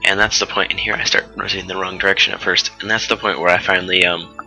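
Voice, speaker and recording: A man's voice: low voice, level tone, quick pace, pushed and bright, soft background music, poor audio. A fifteen-year-old boy giving a rambling, casual voice-over for his gameplay video, full of fillers and asides about going off topic. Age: 15, teenager. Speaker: let's-play commentator.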